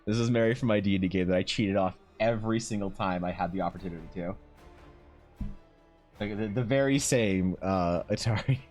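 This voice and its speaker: A man streaming while he draws, telling a story in a loose, animated way. He swears, laughs and restarts often. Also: on the low side, a little fast, soft background music. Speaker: streamer and artist.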